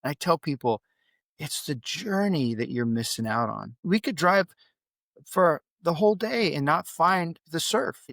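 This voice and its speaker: Man, middle-aged, from California, gravelly voice, dry close sound, animated storytelling guest. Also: on the high side, no echo. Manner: animated storyteller who acts out quoted dialogue. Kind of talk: conversational storytelling.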